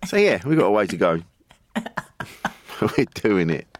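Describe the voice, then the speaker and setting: A man in casual chat, telling stories in a halting, rambling way with swearing and frequent laughs. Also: fairly low pitch, very animated.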